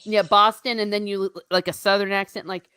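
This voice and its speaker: Chatty American woman, livestream host, mid pitch, dry close sound. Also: fairly quick, smooth, dry recording. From United States. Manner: chatty, animated, reads viewer comments aloud. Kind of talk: casual livestream book chat.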